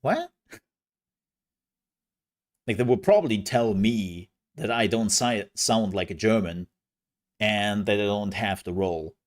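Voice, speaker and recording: A man's voice: on the low side, animated, a little slow, pauses often. A man streaming, chatting casually with viewers in a rambling, self-mocking way. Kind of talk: casual live-stream chat.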